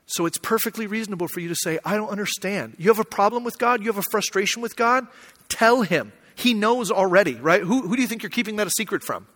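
Bright-voiced man preaching in a reverberant hall. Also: sits high, fast talker. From Arizona. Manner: storytelling, emotional, conversational with many fillers. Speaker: pastor. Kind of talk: sermon.

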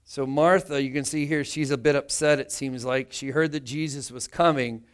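A man's voice: mid-range voice, steady tone, moderate pace, clear, resonant tone. A male pastor preaching a sermon to his church, earnest in tone and often repeating words as he builds emphasis. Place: church meeting room.

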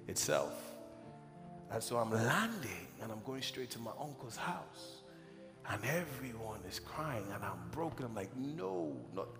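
A man from Nigeria tells an emotional testimony from the pulpit with a gravelly edge to his voice. His words ring through a large church hall. Music plays clearly behind him. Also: medium pitch. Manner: emotional, animated storyteller. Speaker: preacher giving a testimony. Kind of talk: sermon storytelling.

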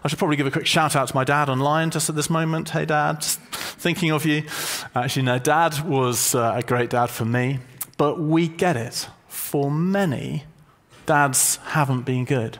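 A man preaching a sermon to a congregation, conversational and gently humorous as he explains a word. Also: on the high side, steady tone, moderate pace. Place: church hall with a congregation.

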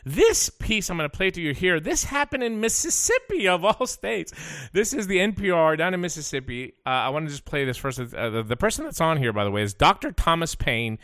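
A man hosts a talk radio show, ranting and cursing as he tells his stories. His voice swings widely up and down and has a bright, forceful edge. The sound is close and dry. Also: a little high, a little fast, no echo. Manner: fired up, profane, animated storytelling.

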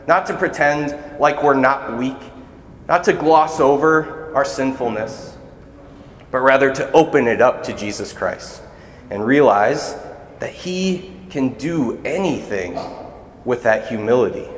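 A man's voice: medium pitch, expressive, unhurried, a little hiss or hum. A man serving as a deacon, giving a conversational, earnest sermon in a church. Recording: echoey church hall.

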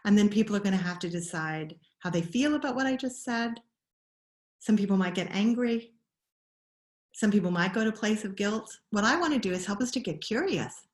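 A woman's voice: mid-range voice, lively intonation. Woman in a roomy echo. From Scotland. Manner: thoughtful, many restarts and pauses. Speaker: guest expert on child attachment. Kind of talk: conversational interview explanation.

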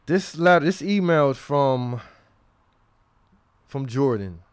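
A man hosting a podcast in casual chat, reading listener emails aloud in an animated, slangy way and laughing along. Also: mid-range voice, slow, smooth. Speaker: podcast host.

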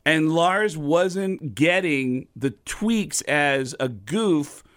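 A middle-aged male comedian telling a story in an animated, profane, casual way. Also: on the high side, extremely slow. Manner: animated, profane, laughs between bits. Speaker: comedian guest.

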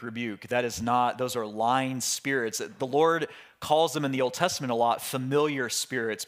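A man, a pastor, teaching through a Bible passage in a relaxed, conversational way with frequent restarts and asides. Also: medium pitch.

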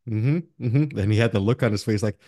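A man's voice: lowish voice, brisk, no room sound, clean studio sound. Profane, laughing male podcast host. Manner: profane, laughing, animated storyteller. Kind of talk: casual chat.

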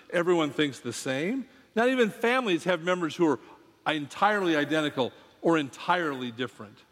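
Pastor man telling a story in a sermon, high voice, slow deliberate pauses. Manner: measured, dramatic pauses, repetition. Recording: long hall reverb.

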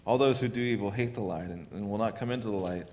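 A male pastor giving an earnest Christmas sermon, rising in force, then dropping to soft emphasis. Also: fairly low pitch, quick pace, slight background noise.

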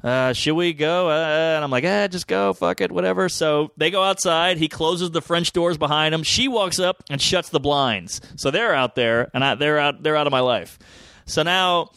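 Bright, crude storytelling comedian, a man. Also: fairly high pitch, moderate pace, gravelly, smooth, dry recording. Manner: crude, animated storyteller acting out voices. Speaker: comedian guest. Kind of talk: casual storytelling.

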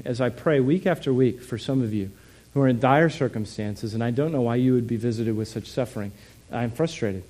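A man's voice: mid-range voice, a little fast, a little mellow. A man preaching a sermon in a conversational way, often asking his listeners questions. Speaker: pastor.

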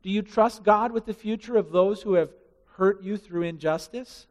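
A man preaching a sermon with passion, building to loud rising emphasis and dropping to hushed asides. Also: sits high, moderate pace, in a large hall. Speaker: pastor.

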